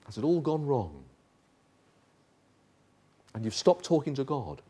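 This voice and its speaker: A pastor preaching a sermon, putting direct questions to the congregation and building to urgent, impassioned pleading. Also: male voice, mid-range voice, big pitch swings, a little slow, dark tone, husky. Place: chapel.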